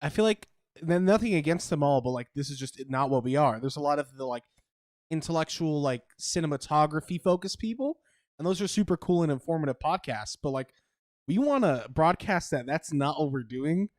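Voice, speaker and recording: A man's voice: on the high side, expressive, fairly quick, no room sound, studio quality. A young man co-hosting a casual podcast, slangy and joking, with lots of fillers. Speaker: podcast co-host.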